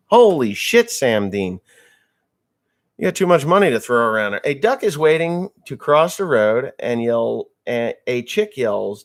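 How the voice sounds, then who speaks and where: A man's voice: mid-range voice, animated, a little slow. A man hosting a casual livestream from home, reading viewer comments aloud and joking crudely. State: just woke up, a little slow. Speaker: livestream host.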